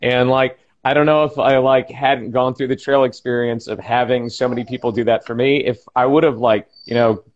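This is a man at an ordinary speaking pitch, telling a story loosely and filling it with "like" and "um." The sound is muffled and lo-fi. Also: steady tone, normal speed, hardly any pauses. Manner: loose, filler-heavy storytelling. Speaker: guest, hiker. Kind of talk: casual chat. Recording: dull lo-fi sound.

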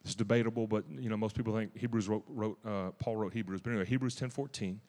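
A man with a fairly low voice delivers a sermon in a church. He talks with zealous emphasis, restarts his sentences and breaks into sudden louder bursts. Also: fairly even intonation, fast, big-room sound. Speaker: preacher. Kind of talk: sermon testimony.

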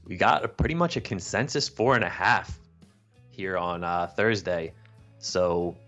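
Deep-voiced man on a dull lo-fi line. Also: unhurried, fairly bright tone, soft background music. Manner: laid-back, short agreeing replies. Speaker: podcast co-host. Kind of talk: casual betting chat.

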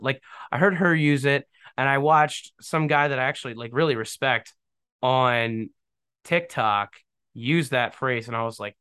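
A man's voice: mid-range voice, expressive, moderate pace, a bit bright, smooth, no room sound. A man hosting a casual solo podcast, talking bluntly and ramblingly with a scoffing edge and many fillers. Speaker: podcast host.

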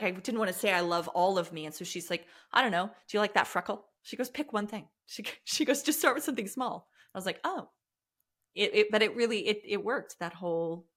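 A woman hosting a podcast, chatting in an animated, warm-hearted way. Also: medium pitch. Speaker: podcast host. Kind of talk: casual interview conversation.

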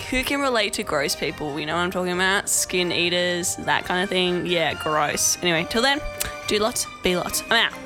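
A woman's voice: lowish voice, animated, normal speed, music in the background. A woman, a bit drunk and rambling in a chatty, self-deprecating way as she hosts a casual vlog. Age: 20s. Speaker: vlog host. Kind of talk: casual tipsy rant to camera.

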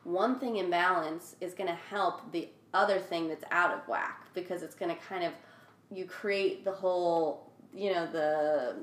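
A woman's voice: on the low side, fairly even intonation, a little slow, fairly bright tone. Reflective woman podcaster, echoey room. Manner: reflective, thinking aloud with fillers. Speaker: podcast co-host. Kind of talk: casual chat.

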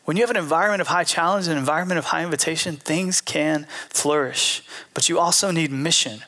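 A young male pastor preaching with a bright, forceful edge to his voice. He talks casually and acts out little scenes, and his voice sits a touch high for a man. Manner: casual, animated preaching with acted-out quotes. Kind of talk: sermon.

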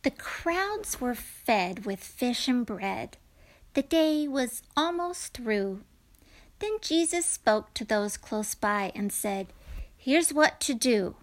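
A woman reading a rhyming children's story aloud in a gentle voice that drops to whispers. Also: fairly high pitch, sing-song, takes it slowly.

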